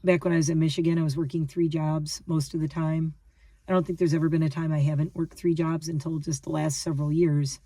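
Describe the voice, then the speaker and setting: This lifestyle vlogger, a woman in her fifties, talks to her viewers in a low, mellow voice that runs a little fast with a flat delivery. The recording is dry and far from the mic, and her casual to-camera ramble is emphatic, repetitive and full of restarts.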